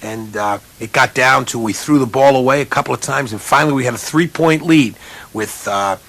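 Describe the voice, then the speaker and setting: A man with a husky, slightly breathy voice tells a funny story from his coaching days. His pitch sits in the middle of the male range, then leaps high whenever he imitates someone else. The delivery is animated and self-mocking. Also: brisk. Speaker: college basketball coach. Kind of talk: humorous storytelling speech.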